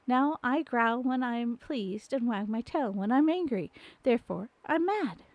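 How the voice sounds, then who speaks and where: A woman voicing a calm, riddling grinning cat in a storybook reading, slow and teasing. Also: on the high side, no echo, dull audio. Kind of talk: storybook reading on a live stream.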